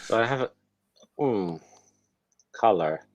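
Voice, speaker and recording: A man's voice: on the low side, animated, takes it slowly. A man chatting casually on a quiz podcast, hesitant and full of restarts.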